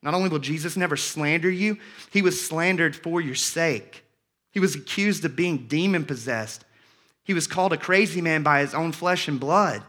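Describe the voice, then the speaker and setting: A man's voice: fairly high pitch, normal speed, a bit bright. A man pastor preaching a sermon in earnest, rising in force when he reads scripture aloud, and often repeating words as he goes. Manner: repeats words and restarts phrases.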